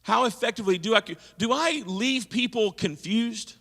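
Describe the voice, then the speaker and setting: In a church hall, a man leads a leadership seminar, teaching and engaging his audience with questions. His voice is high-pitched, creaky and fairly bright, at a moderate pace, with a long reverb tail.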